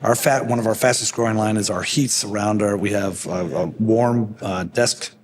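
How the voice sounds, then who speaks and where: Low-voiced plainspoken businessman, noisy room. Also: steady tone, normal speed. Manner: plainspoken, joking, restarts sentences. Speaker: company executive guest. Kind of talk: casual business interview. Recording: noisy background.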